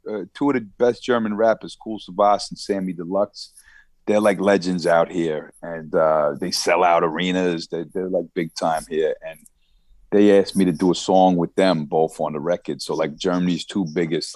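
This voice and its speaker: A man's voice: low voice, fairly even intonation, moderate pace, darkish tone, dry recording. A man with a Long Island accent, a guest rapper chatting casually on a podcast, rambling with repeated words and frequent laughs, on a remote call. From United States. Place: Germany.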